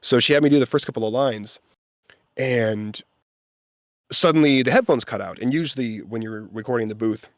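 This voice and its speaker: A male voice actor tells a story in a casual interview, mid-pitched and lively. He slips into the voices of the people he quotes. The sound is dry and close. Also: moderate pace, dry recording. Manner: animated, acts out quoted voices. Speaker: voice actor guest.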